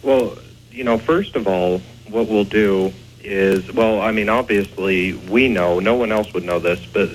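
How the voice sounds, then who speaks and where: A man with a low voice answers interview questions, pausing often and leaning on fillers. Faint noise sits behind him. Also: poor audio. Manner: hesitant, filler-heavy. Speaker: guest, ghost investigator.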